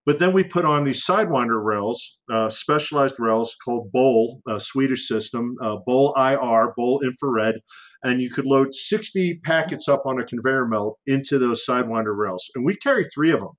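Animated man telling a war story. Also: medium pitch, normal speed, rough recording. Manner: animated, acts out radio calls in raised voice; frequent fillers and restarts, conversational. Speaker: former fighter pilot guest. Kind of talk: casual storytelling in conversation.

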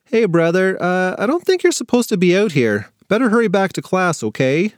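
A man's voice: sits high, sing-song, moderate pace, no room sound, clean studio sound, pitched above the performer's own voice. A man voicing an exasperated young girl, the bossy older sister in a storybook for kids. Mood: coaxing.

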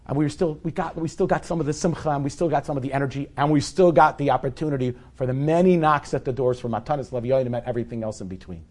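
A man's voice: medium pitch, fast, few pauses, darkish tone. A man in his forties telling a personal story to a live audience in a candid, conversational, self-deprecating way. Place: event hall with a live audience.

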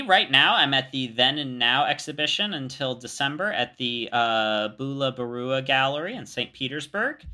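A young man with a medium-pitched, sharp-toned voice co-hosts a podcast in casual chat. His speech is halting, packed with fillers and restarts.

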